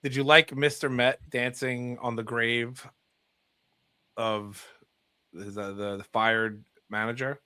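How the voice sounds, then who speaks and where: A man's voice: mid-range voice, steady tone, takes it slowly, pushed and bright, clean tone. A man co-hosting a casual podcast, telling stories in a laid-back, chuckling way. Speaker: podcast co-host.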